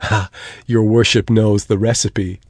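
A man's voice: on the low side, level tone, measured pace, no room sound, studio quality. A man doing a gossipy old village witch. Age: over 60. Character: pious-seeming old village woman, secretly a witch.

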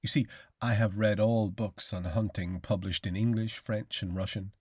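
A man voicing a cultured, courteous older aristocrat hunter with a quietly menacing edge, speaking slowly and deliberately in an audiobook reading. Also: on the low side, steady tone, breathy edge, dry recording, studio quality. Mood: suave, menacing. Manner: slow, measured, courteous delivery.

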